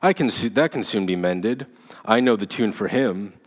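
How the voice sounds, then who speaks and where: A man voicing a boisterous, jolly old male forest master who speaks in loud, sing-song rustic commands while reading a story aloud. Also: on the low side, animated, moderate pace. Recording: long hall reverb.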